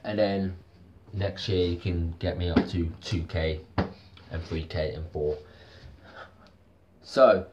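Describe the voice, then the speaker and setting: A man's voice: sits low, steady tone, slow, long pauses, very noisy. A man giving a casual video review, rambling and repeating himself, with plenty of fillers. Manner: rambling, repetitive, lots of fillers. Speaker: TV soap reviewer.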